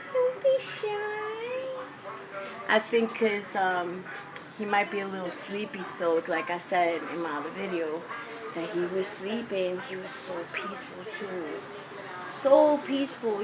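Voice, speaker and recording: A woman with a New York accent vlogging her daily routine at home, chatting to viewers and switching into sing-song baby talk with her child. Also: mid-range voice. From New York, the Bronx. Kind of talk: casual home vlog. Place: at home, indoors. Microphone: camera set up on a stand in the room. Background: music playing in the house.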